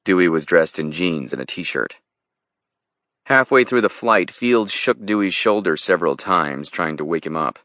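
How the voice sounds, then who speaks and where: Very deep-voiced male narrator. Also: lively intonation, normal speed, sharp tone, no echo, muffled recording. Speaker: audiobook narrator. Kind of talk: scripted thriller narration.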